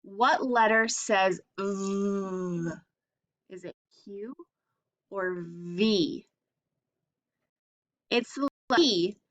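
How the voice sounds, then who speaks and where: A woman's voice: mid-range voice, extremely slow, pauses often, highs cut off. A woman teaching a phonics lesson to young children, patiently sounding out letters and asking simple questions.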